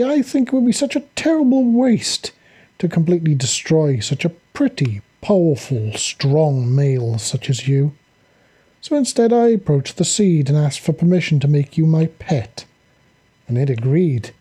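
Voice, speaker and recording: A man's voice: fairly high pitch, warm tone, slightly rough. A man reading aloud and voicing a seductive, cruel female fallen angel who taunts and mocks in a sultry way.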